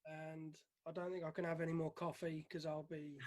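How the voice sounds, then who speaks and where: A man hosts a casual interview with film guests. His voice sits high. He keeps things friendly and brisk. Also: level tone, a loud crowd. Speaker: host interviewer.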